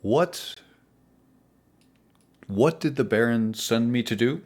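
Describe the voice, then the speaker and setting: A man's voice: mid-range voice, animated, takes it slowly, darkish tone. A man voicing a jovial, boisterous male ship captain in a tabletop game, with a hearty, carrying manner. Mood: unsettled.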